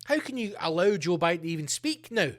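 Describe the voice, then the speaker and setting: A man's voice: sits high, big pitch swings, brisk. A middle-aged man hosting a solo podcast, ranting in a sweary, sarcastic way. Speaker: podcast host.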